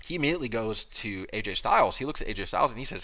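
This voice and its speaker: Bright-voiced young man recapping wrestling. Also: on the low side, very fast. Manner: animated, acts out quotes in raised voices. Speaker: podcast co-host. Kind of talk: casual chat recapping wrestling.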